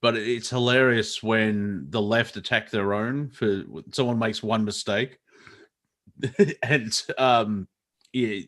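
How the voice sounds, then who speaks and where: A man's voice: fairly low pitch, slow, fairly bright tone. Aussie guy riffing on a comedy show, rambly and irreverent, keeps laughing through his sentences. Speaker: co-host. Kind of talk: casual comedy chat.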